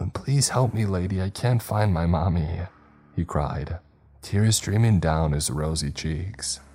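A man steadily narrating a first-person horror story in a measured, scripted style. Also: very deep voice, dark tone.

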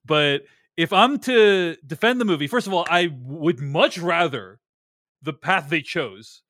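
A man's voice: fairly high pitch, expressive, a little slow, fairly bright tone, dry recording, studio quality. A man co-hosting a film podcast, reasoning aloud in casual review chat, hedging and conceding points as he goes.

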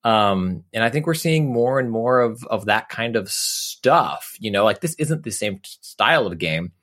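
A man's voice: lowish voice, expressive, moderate pace, fairly bright tone. A man co-hosting a gaming podcast, chatting casually in a playful, joking way. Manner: playful, joking, frequent "um" fillers. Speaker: podcast co-host. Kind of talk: casual chat.

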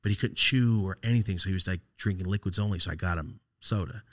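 Guy w a really low voice, swearing a lot, stop-start storytelling, dry close sound. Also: fairly bright tone, no room sound. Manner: raw, profane, halting, drops to a near-whisper when upset. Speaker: podcast host. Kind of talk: casual storytelling.

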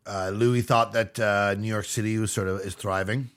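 A man's voice: lowish voice, fairly even intonation, moderate pace, a bit bright. A man co-hosting a podcast, making his points in casual debate. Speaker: podcast co-host.

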